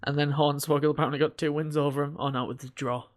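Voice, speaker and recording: A man's voice: on the high side, little pitch movement, racing. A young man co-hosting a podcast, chatting casually, joking and swearing as he reads through lists. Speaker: podcast co-host. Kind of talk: casual chat.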